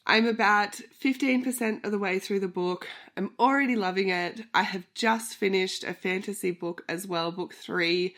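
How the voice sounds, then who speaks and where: This book vlog host is a woman in her thirties with a flu, so she sounds nasal, and pregnancy leaves her short of breath. Her mid-range, fairly bright voice moves at a moderate pace with few pauses as she chats casually and rambles off on tangents, a little out of breath.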